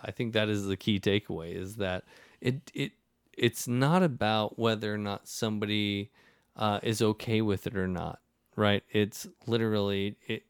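A man with a fairly low voice, talking in a loose, rambling way that is full of restarts. He acts out the people in his anecdotes as he goes. The sound is dry and close, with no room around it. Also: smooth, no echo. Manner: rambling, animated storytelling with many restarts. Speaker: podcast host. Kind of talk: casual conversation.

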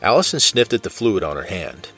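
A man narrating fiction in a steady, measured way. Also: fairly low pitch, soft background music.

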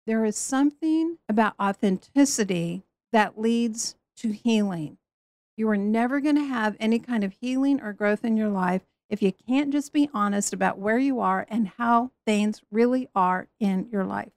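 A woman teaching on a Bible story in a lively way, acting out the voices she quotes. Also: a little high, moderate pace, no echo.

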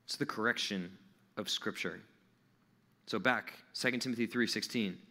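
A man's voice: fairly low pitch, normal speed, sharp tone, long reverb tail. A man preaching a conversational sermon who often checks in with his listeners with questions. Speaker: pastor.

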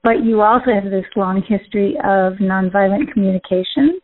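Brief: female podcast interviewer, unhurried and measured, thin phone-like sound. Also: medium pitch. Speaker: interviewer, host. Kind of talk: conversational interview. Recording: tinny phone line.

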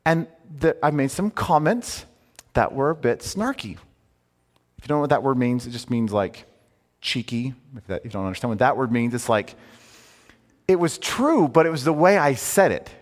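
Male preacher, conversational yet emphatic, lively delivery in a reverberant hall. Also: mid-range voice, moderate pace. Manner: conversational and emphatic, with rhetorical questions. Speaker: pastor. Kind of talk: sermon.

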